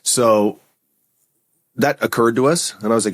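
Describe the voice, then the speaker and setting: A man speaking as a podcast guest in a very deep voice, casual and easygoing, often tagging his points with "right?". The sound is dry and close to the mic. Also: a little fast, no room sound. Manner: casual, frequent "right?" and "like" fillers. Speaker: podcast guest, company founder. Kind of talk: conversational interview.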